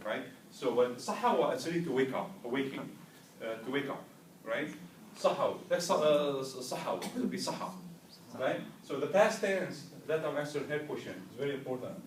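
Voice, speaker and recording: A man's voice: mid-range voice, expressive, moderate pace. A man lectures a language class, now and then leading the students in repeating words aloud. He keeps checking for understanding as he goes. The recording is roomy and distant, with faint background noise. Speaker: language teacher. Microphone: far camera.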